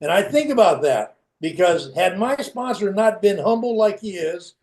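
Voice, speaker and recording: A man's voice: sits high, expressive, moderate pace, darkish tone. A middle-aged man giving a candid, plain-spoken personal recovery share over a video call. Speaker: recovery meeting speaker.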